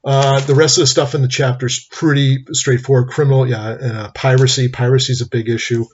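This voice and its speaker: Middle-aged New man, law lecturer, rapid husky delivery, chatty asides, lo-fi webcam sound. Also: mid-range voice, little pitch movement. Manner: rambling, anecdotal, conversational. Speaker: law instructor. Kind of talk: recorded lecture. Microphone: webcam mic. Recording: lo-fi webcam recording.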